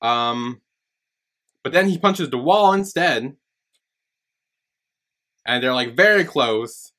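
A man hosting a casual podcast chat. He recaps scenes haltingly, full of fillers, and acts out characters' lines. His pitch sits in a middle range. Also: lively intonation, pushed and bright. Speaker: podcast host.

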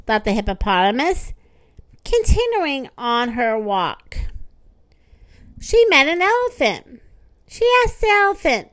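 Storyteller, woman, high and musical, slow, dry close sound. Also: no room sound. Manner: gentle, expressive read-aloud delivery. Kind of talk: storybook read-aloud.

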